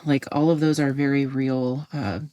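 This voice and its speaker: A woman's voice: extremely low pitch, little pitch movement, moderate pace, warm tone. A woman hosting a podcast interview, supportive and affirming as she draws out her guest. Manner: supportive, affirming with frequent mm-hmms. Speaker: podcast host. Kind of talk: conversational interview.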